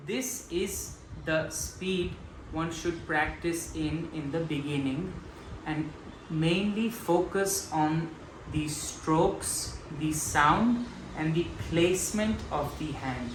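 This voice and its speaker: A man's voice: fairly high pitch, slow, loud music behind the voice. A man teaching a mridanga class, patiently explaining strokes and chanting the drum syllables aloud. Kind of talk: slow step-by-step music lesson. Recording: echoey room with clear background noise.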